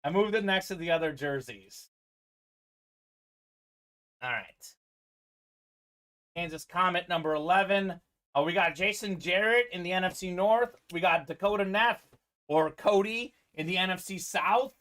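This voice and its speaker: A man's voice: high-pitched, unhurried, long pauses, a bit bright. A man hosting a live-streamed sports card break, giving upbeat running commentary on teams and players.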